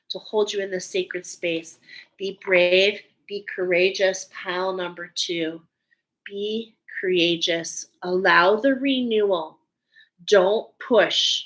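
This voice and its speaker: Casting note: woman, unhurried spiritual card reader, gentle and affirming, emotions close to the surface. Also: mid-range voice, poor audio. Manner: slow, soothing, affirming, openly emotional. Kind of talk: intuitive tarot-style reading to viewers.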